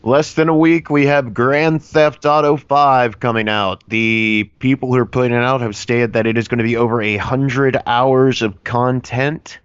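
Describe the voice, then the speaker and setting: A man's voice: mid-range voice, steady tone, unhurried, few pauses, smooth, dry recording, highs cut off. A man co-hosting a podcast, chatting casually and rambling earnestly. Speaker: podcast co-host. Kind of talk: casual chat.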